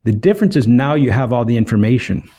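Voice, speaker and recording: A man's voice: mid-range voice, lively intonation, quick pace, dark tone. A man telling Bible stories and personal testimony in an earnest way, acting out the dialogue as he goes. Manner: earnest, retells dialogue with emphasis. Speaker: street evangelist.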